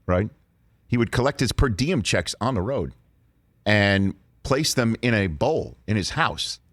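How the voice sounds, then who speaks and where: A man's voice: lowish voice, lively intonation, unhurried, fairly bright tone, no room sound, studio quality. A man hosting a sports talk show, chatting casually and with enthusiasm. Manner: enthusiastic, exclaiming.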